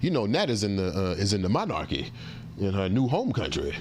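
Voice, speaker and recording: A man's voice: lowish voice, very animated, brisk, darkish tone, a little hiss or hum. A man hosting a casual morning talk show, riffing and joking.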